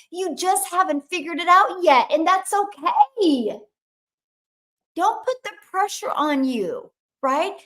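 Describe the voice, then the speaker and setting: An energetic woman in her fifties is hosting a live stream in a casual, chatty way. Her voice sits high, and she keeps it lively as she greets viewers by name and talks straight to them. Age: 50s. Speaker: livestream host.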